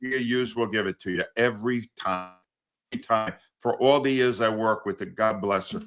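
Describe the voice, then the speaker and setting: A man's voice: lowish voice, moderate pace, a bit bright. A man guesting on a sports talk show, a former sports radio host who rants bluntly and sarcastically.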